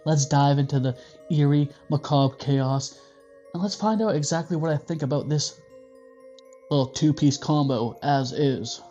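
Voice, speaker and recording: A man's voice: fairly high pitch, moderate pace, highs cut off, soft background music. A man hosting a casual movie review, joking and swearing freely. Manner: profane, joking, animated.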